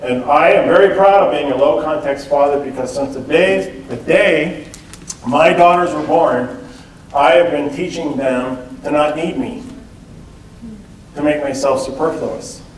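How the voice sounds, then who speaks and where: A man's voice: fairly high pitch, measured pace, a little hiss or hum. A man giving a conversational public talk, often checking in with the audience with "okay?" and "right?". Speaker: lecturer. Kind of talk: public talk on cultural differences. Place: event hall. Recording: roomy sound from a distant mic.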